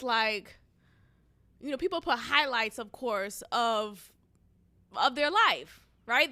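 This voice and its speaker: A young woman talks through her podcast alone in a loose, unscripted way. Her voice sits high and sounds bright. She speaks frankly, swears without thinking twice, and breaks into laughter as she airs her frustrations. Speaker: podcast host. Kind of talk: casual solo podcast chat.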